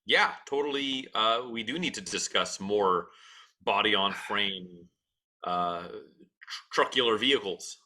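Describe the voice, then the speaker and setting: A man's voice: lowish voice, measured pace, sharp tone. A man co-hosting a podcast in casual chat, with wry, playful banter and frequent stammering restarts. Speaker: podcast co-host.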